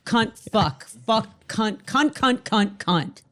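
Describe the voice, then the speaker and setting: A woman's voice: on the high side, lively intonation, slow pace, a bit bright. A woman being interviewed on a podcast, brash and playful, cursing freely and joking around. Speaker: guest performer. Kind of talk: casual interview chat.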